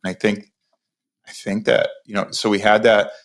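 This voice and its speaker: A man in his forties with a slightly low voice tells a story in a casual podcast interview. He is animated and often restarts sentences. He acts out what other people said as he goes. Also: moderate pace. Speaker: podcast guest.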